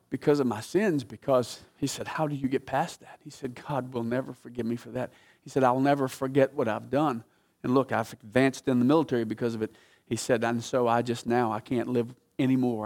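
A man preaching a sermon, telling a story with dramatic swings from loud emphatic peaks to hushed, low passages. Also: vocal fry.

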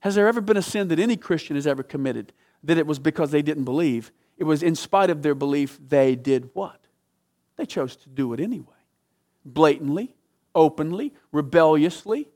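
A man preaches and tells a story, his voice sitting a little high for a man. He swings between loud, emphatic peaks and hushed, low-spoken passages. His delivery is dramatic and full of emphasis. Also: expressive, brisk. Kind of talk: sermon storytelling.

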